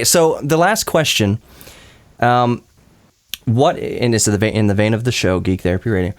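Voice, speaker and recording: Male podcast host, chatty and rambling, mid-range voice, keeps circling back to his point. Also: lowish voice. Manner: rambling, self-correcting, apologetic asides. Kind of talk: casual roundtable chat.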